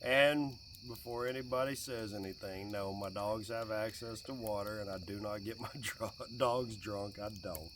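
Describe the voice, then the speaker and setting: A man in his late forties chatting casually and jokingly by a campfire outdoors, getting animated when quoting his kid. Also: lowish voice, moderate pace, few pauses, distant mic, noisy background. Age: 40s. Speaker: vlogger. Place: outdoors by a fire at night with crickets.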